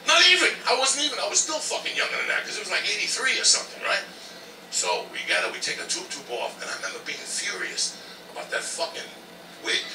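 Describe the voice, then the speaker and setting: Brash New comic in his fifties, lively high-pitched delivery, heard from a distance. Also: fast, vocal fry, noisy background. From New Jersey. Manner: boisterous, swears constantly, laughs while telling. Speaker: comedian. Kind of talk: profane storytelling. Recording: roomy clip played back from a distance with music.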